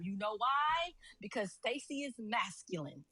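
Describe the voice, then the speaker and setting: A woman's voice: fairly high pitch, lively intonation, a little slow, few pauses, fairly bright tone, no echo. A woman giving impassioned, preachy commentary as a guest on a talk show. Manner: preachy, impassioned, calls people brother.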